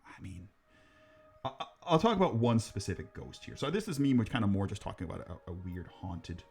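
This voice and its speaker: Give me a low-pitched man chatting loosely about ghosts, jokey and animated. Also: fairly quick, breathy edge, soft background music. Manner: rambling, jokey, swears, laughs at his own jokes. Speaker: podcast co-host. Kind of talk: casual chat, telling ghost stories.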